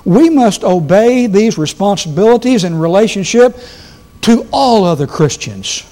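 A man's voice: sits high, expressive, a little slow, dark tone. A man preaching a sermon to a congregation, reading scripture with strong emphasis. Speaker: guest preacher. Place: church sanctuary.

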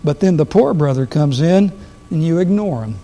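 Speaking at a moderate pace, this man's fairly high, dark voice is expressive as he reads scripture with heavy emphasis. He's a guest preacher giving a sermon to the congregation in a church sanctuary.

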